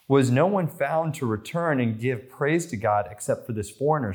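American pastor preaching a sermon. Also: male voice, moderate pace, hardly any pauses. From United States. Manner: storytelling, rises in pitch for quoted voices and excitement.

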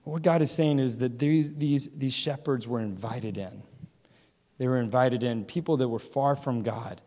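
A man in his thirties preaching a sermon, telling a family story with lively acted-out dialogue and frequent laughs. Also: mid-range voice, moderate pace. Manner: animated storytelling, acts out dialogue, laughs often. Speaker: pastor. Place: church hall. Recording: hall with long reverb.

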